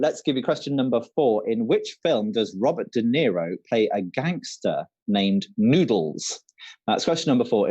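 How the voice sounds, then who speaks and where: A low-pitched man with a lively, swinging delivery hosts a quiz night over a video call. He reads every question twice at an unhurried pace and chats casually in between, and the stream sounds dull and lo-fi. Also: breathy edge. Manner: chatty, repeats each question slowly. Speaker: quiz co-host.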